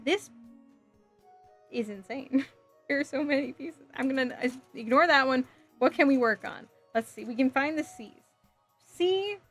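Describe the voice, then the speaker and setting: A woman's voice: high voice, a bit bright. Sassy, giggly woman streamer chatting. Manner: sassy, playful, giggly, reacts to chat messages. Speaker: live streamer. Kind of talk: casual live-stream chat while building a model kit.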